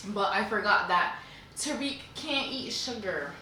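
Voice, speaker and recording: A woman's voice: medium pitch, expressive, unhurried, sharp tone. A woman hosting a podcast with friends, teasing and chatty, wrapping up the show. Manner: teasing, apologetic banter. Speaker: podcast host. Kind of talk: casual chat. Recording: echoey room, mic from a distance, some noise.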